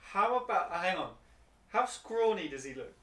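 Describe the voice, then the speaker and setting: A man playing a tabletop game, bargaining in quick short replies. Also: high-pitched, very animated, sharp tone, reverberant, far from the mic. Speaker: player. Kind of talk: casual tabletop role-play.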